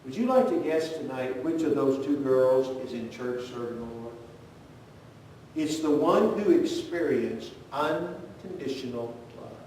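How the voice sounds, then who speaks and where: Earnest preacher in an echoey church. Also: male voice, lively intonation, measured pace, a little mellow. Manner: earnest storytelling with direct questions to the congregation. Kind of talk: sermon. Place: church sanctuary. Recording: very echoey church, voice from far off, faint rumble.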